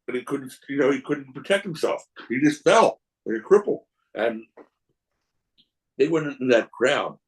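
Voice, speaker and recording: Male podcast guest, mid-pitched storyteller: rambling, animated, acts out the dialogue. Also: unhurried, low-quality recording. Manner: animated, acts out voices in his anecdotes; rambling, many restarts. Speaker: wrestling promoter guest. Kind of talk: casual storytelling.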